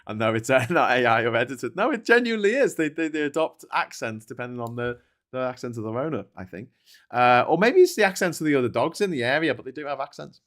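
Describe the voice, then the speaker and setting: A man's voice: mid-range voice, animated, quick pace, fairly bright tone. A man hosting a livestream, chatting casually about politics and reading viewer comments, swearing often and restarting his sentences. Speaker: livestream host reading chat. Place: at home with a dog.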